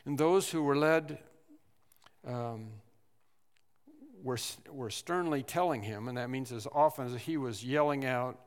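A man preaching a sermon, animated, repeating phrases and acting out the people in the story. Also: medium pitch, unhurried, smooth. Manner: animated preaching with repetitions and acted-out quotes. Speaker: pastor. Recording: long hall reverb.

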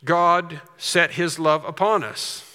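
Bright-voiced preacher in a reverberant hall. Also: male voice, on the high side, slow pace, a little hiss or hum. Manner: earnest preaching with rising emphasis and storytelling asides. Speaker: pastor. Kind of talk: sermon.

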